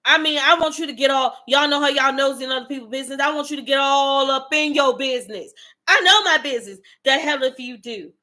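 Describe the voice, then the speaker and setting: Brief: woman motivational speaker, fierce tough-love sermon delivery, sharp bright tone, slightly high. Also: fast talker. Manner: blunt, profane, preachy, calls out the listener directly. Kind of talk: fiery motivational monologue to viewers.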